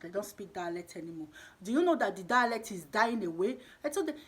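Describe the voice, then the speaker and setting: A woman's voice: medium pitch, lively intonation, a little fast, slightly rough. A woman giving an impassioned, emphatic monologue, exhorting and repeating her points. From Nigeria. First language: Edo.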